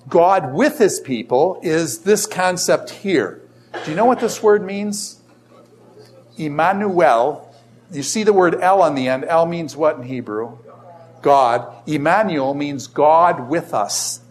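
A man's voice: fairly high pitch, animated, normal speed. A middle-aged man lecturing a class on Scripture, often throwing rhetorical questions at his students. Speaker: Bible teacher.

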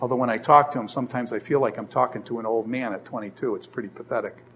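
A man's voice: medium pitch, steady tone, fast, fairly bright tone, slight background noise. A middle-aged man lecturing a class on Scripture, often throwing rhetorical questions at his students. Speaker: Bible teacher.

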